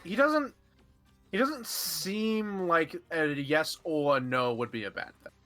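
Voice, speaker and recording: A man's voice: fairly high pitch, animated, takes it slowly, fairly bright tone, faint music behind. A man narrating as game master, rambling with lots of filler.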